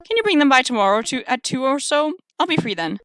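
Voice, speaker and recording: A giant monster spider who talks like a doting little old lady, voiced by a woman. Her voice is bright and a touch high, sugary and fussy, close and dry with faint music behind. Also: sing-song, fast talker, dry recording. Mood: sweet. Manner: doting, calls everyone dearie.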